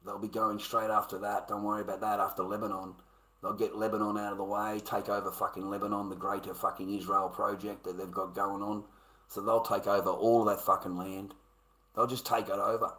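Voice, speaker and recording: A man's voice: on the low side, level tone, fairly quick, pushed and bright, poor audio. An Australian man ranting casually to his livestream chat, blunt and swearing constantly.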